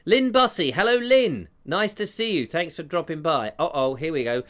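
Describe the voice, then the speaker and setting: Jokey man, lively pitch. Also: normal speed. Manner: jokey, rambling, self-mocking. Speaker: live stream host. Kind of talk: chatty live stream, reading out viewer comments. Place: home room with a fire.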